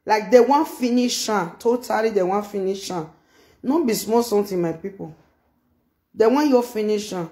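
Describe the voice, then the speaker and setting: A Nigerian-accented social media commentator casually reacts to online gossip in a mellow, middle-range voice at a moderate pace. The delivery is loose and exclamatory, repeating phrases, calling out to viewers, and mixing Pidgin and Yoruba. The voice echoes around a roomy space.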